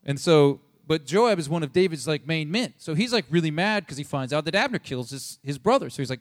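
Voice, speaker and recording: A young man with a slightly high voice retells a sermon story in a loose, slangy way. He keeps breaking into quick voices for the people in it. The sound is dry and close, with no room around it. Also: dry recording. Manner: animated, slangy, jumps into voices for quoted people. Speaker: preacher.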